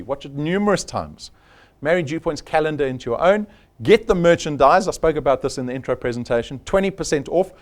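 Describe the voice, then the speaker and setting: A man giving an emphatic, punchy sales training talk at a live workshop, repeating his key points. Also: on the high side.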